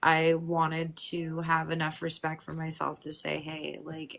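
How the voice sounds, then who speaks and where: A woman in her forties, speaking as a guest on a live stream, candid and emotional, talking haltingly. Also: low voice, monotone, vocal fry, fairly bright tone. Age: 40s. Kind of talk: personal conversation.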